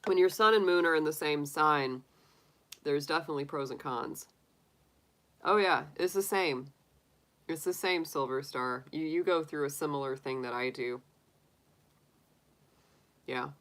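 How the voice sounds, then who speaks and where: Chatty bright-voiced woman tarot streamer. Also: deep voice, unhurried, pauses often, poor audio. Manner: laughs often, chatty and animated, acts out quotes. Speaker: tarot reader hosting a live stream. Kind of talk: casual live-stream chat with viewers.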